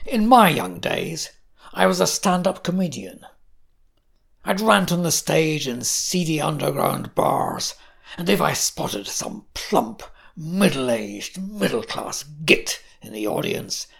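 A woman with a deep, heavily gravelly voice reads a first-person story, sneering and ranting. She drifts into raspy whispers and stretches her words slowly, swinging widely in pitch. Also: big pitch swings.

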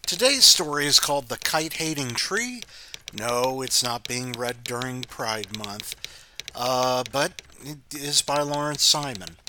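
A man's voice: medium pitch, animated, a little slow, sharp tone, slight background noise, low-quality recording. A man hosting his own short podcast, reading a brief story aloud with dry, self-deprecating asides and a few stumbles over his words.

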